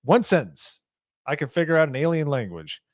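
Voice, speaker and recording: A man's voice: fairly high pitch, very animated, brisk, no echo, studio quality. A man co-hosting a casual movie review, adding joking, sarcastic asides.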